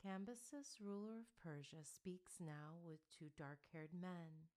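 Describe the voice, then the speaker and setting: A woman voicing a young female priestess who answers in a halting trance. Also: medium pitch, little pitch movement, a little mellow, pitched above the performer's own voice, natural voice. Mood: entranced.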